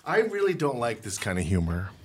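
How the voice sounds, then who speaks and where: A man who is a comedian co-hosting a podcast in a studio, making absurd deadpan jokes in casual chat. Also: mid-range voice, fairly quick, slightly rough.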